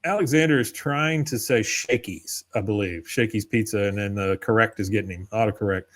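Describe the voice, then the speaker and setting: A man's voice: fairly low pitch, fairly quick, fairly bright tone. Laid-back man recapping a cartoon. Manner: laid-back storyteller, acts out quoted lines. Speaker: podcast co-host. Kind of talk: casual chat recapping an episode.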